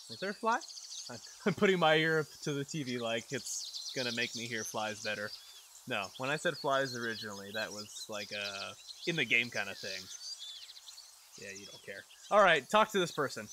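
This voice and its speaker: A man's voice: medium pitch, lively intonation, moderate pace, background noise. A young man casually commenting on a video game while he plays, rambling, talking to himself and easily startled. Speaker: let's play gamer.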